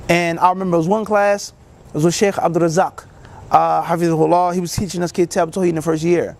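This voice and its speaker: Animated man telling his story. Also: fairly high pitch, fast talker, creaky. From United States. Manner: animated, acts out other people's lines; casual, many fillers like "you know". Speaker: Islamic scholar and teacher. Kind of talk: personal storytelling talk.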